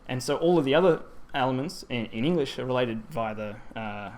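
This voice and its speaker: A man with a medium-pitched, animated, slightly mellow voice speaks briskly. He's presenting grammar at a language teaching symposium, and his conference talk is full of ums and self-corrections.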